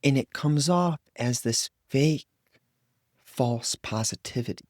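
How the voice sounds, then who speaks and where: A man's voice: medium pitch, takes it slowly, darkish tone, dry recording, clean studio sound. A man hosting a solo podcast, talking in a loose, reflective way with many fillers and restarts. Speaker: podcast host. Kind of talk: solo podcast monologue on inner growth.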